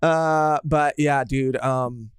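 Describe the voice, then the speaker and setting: A man's voice: medium pitch, steady tone, drawn-out words, smooth, dry recording. A man co-hosting a podcast in casual chat, laid-back, saying "dude" often and laughing easily. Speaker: podcast co-host.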